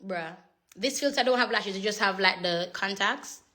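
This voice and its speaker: Bright-voiced woman. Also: medium pitch, moderate pace. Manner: chatty, switches into patois, laughs often. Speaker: social media personality. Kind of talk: casual livestream chat. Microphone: phone.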